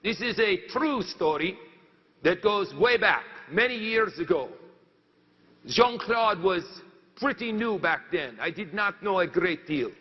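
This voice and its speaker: Man doing a high-voiced French lumberjack. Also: animated, in a large hall, muffled recording. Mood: storytelling. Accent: put-on French. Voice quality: halting, searching for words. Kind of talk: comic monologue in character.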